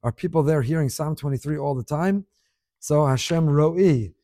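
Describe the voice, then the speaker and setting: A middle-aged man teaching a Torah class, reading listener emails aloud with animated, emphatic delivery and scattered Hebrew terms. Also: fairly high pitch, moderate pace, dry recording, studio quality.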